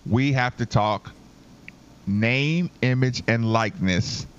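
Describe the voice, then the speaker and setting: A man co-hosting a casual sports talk show from home, teasing and wry, sometimes in quick bursts. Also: mid-range voice, smooth. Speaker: sports radio co-host. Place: at home, remote. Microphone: home microphone, rocking back and forth. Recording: slightly dull home mic with faint noise.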